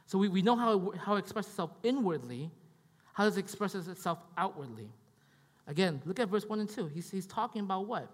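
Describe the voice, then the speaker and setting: A man's voice: sits high, expressive, fairly quick, long reverb tail. A man preaching a sermon in a conversational way, often repeating himself and checking in with the congregation. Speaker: pastor.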